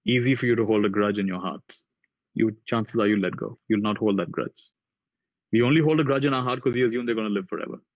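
Low-voiced man telling moving stories. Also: dry recording, highs cut off. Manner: acts out the voices in his stories with raised pitch. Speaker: conference speaker. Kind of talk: reflective storytelling talk.

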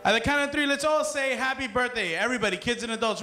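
A man's voice: very high-pitched, fast, bright, forceful tone. A man working as a children's party magician, playfully joking with the kids and calling out to the crowd in a party hall. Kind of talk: live party magic show patter. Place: party hall with dance floor.

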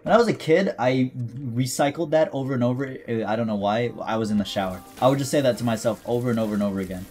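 A man's voice: medium pitch, fast, few pauses, a little mellow. A man giving casual, jokey commentary over his gameplay, reading item descriptions aloud and talking back to the game's character. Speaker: gaming YouTuber.

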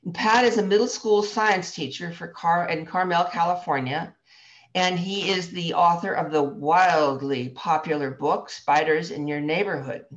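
A woman hosting an online event, giving a friendly, slightly halting welcome and introducing the speaker. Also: deep voice. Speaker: event host. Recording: dull lo-fi call audio.

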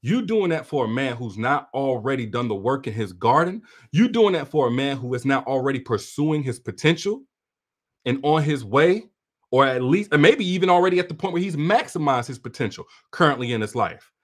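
A man's voice: mid-range voice, animated, fairly quick. A man coaching women on relationships in a livestream talk to his viewers. He is preachy and direct, speaks like a big brother, and repeats phrases for emphasis.

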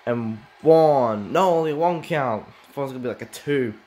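A young man doing excitable, halting play-by-play commentary for a wrestling video game match, his voice jumping up at big moves. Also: medium pitch. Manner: halting, with many restarts and "oh my god".

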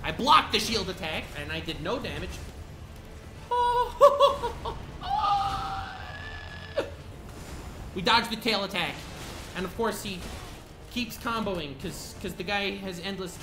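A man's voice: sits high, moderate pace, pushed and bright, a little hiss or hum. A young man commenting on his own gameplay, taunting the boss and venting to his chat between frustrated outbursts. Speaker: gaming video creator.

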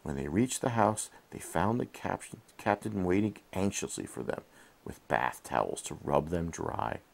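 A man reading a bedtime story to his child while in bed, gently asking questions along the way, recorded on a head-mounted camera. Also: deep voice, very animated, a little slow, vocal fry. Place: in bed at home.

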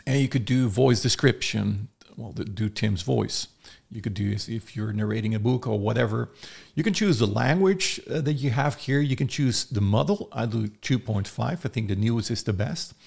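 A man casually demonstrating software, chatty and thinking aloud. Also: medium pitch, moderate pace, gravelly, breathy edge. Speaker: software reviewer. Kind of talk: casual screen-recorded tutorial.

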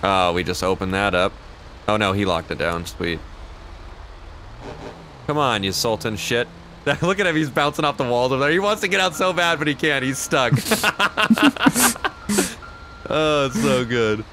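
A man's voice: mid-range voice, normal speed, pushed and bright, slight background noise. A man role-playing a joking, sarcastic construction worker in a game. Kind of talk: game role-play chat.

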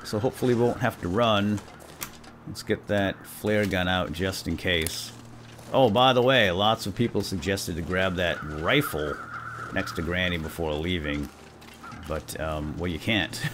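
Deep-voiced man giving chatty game commentary. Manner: chatty, upbeat, talks to viewers as guys; bursts into loud excited exclamations. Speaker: gaming video host. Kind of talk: let's play commentary. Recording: soft game music behind.

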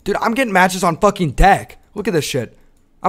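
A young man giving casual vlog commentary with crude, slang-heavy banter that breaks into excited yelling. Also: on the high side, fast talker. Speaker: content creator.

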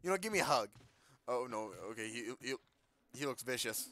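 Bright-voiced joking gamer man. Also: animated, a little fast, slight background noise. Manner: joking, talks to game characters, loud outbursts; reads on-screen text in a low mutter. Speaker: let's play gamer. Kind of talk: casual gameplay commentary.

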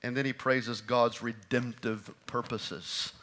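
A man preaching a sermon as pastor in a church, moving from loud emphatic lines to quiet, hushed ones. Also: mid-range voice, fairly even intonation, slow pace. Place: church sanctuary.

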